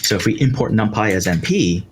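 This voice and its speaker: Brisk and animated, a lowish-voiced instructor explains a live coding tutorial step by step, sprinkling in "um" and "right" as he goes. The background is noisy, with keyboard typing audible.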